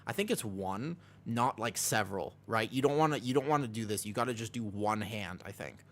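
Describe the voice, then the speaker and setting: A man's voice: on the low side, expressive, a little fast, fairly bright tone. A man streaming casually from home, rambling and joking about himself while reading his chat. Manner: rambling, self-deprecating, reads chat aloud. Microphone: desk microphone.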